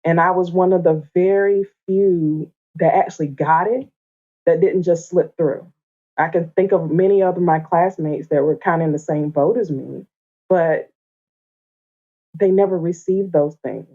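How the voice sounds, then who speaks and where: A woman from the Atlanta area, a podcast guest, chatting casually with animated, playful storytelling. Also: on the low side, a little slow. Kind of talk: casual conversation. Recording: dull lo-fi remote audio.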